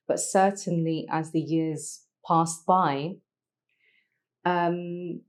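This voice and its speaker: Low-voiced woman, reflective. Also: fairly even intonation, a little mellow. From London, England. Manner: reflective, halting, with many restarts and pauses. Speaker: podcast guest. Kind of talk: emotional personal storytelling.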